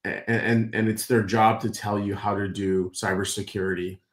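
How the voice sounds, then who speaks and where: A man's voice: lowish voice, level tone, normal speed, reverberant. A man, co-host and company founder, explaining at length with many fillers and restarts.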